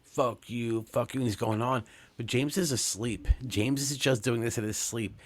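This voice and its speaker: A man's voice: mid-range voice, moderate pace. A man, hosting a podcast and telling a story casually, rambling and cursing, with many fillers and restarts. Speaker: podcast host.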